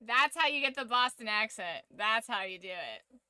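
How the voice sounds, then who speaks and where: A woman's voice: a little high, lively intonation, moderate pace, bright, forceful tone, clear, resonant tone, dry recording. A woman streamer giving casual reaction commentary, muttering asides and swearing casually.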